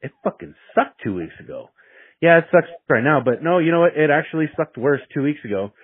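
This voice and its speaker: Young guy rambling a story, swearing a lot, husky voice, thin phone-line audio. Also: on the high side, lively intonation, fairly quick, dry recording. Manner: rambling with many restarts. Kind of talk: casual storytelling, heavy swearing. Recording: dry tinny phone-like sound.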